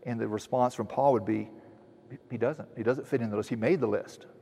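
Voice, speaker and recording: A man's voice: mid-range voice, fairly even intonation, gravelly, mellow, breathy edge. Earnest male preacher in a reverberant hall. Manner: earnest teaching, with frequent restarts and slow emphatic quotes. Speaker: pastor. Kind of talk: expository sermon.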